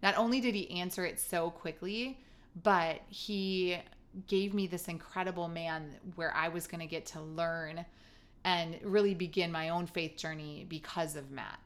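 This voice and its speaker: A woman's voice: lowish voice, fairly even intonation, unhurried. A woman co-hosting a podcast in casual chat, telling a personal story in an earnest, chatty way with playful asides. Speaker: podcast co-host.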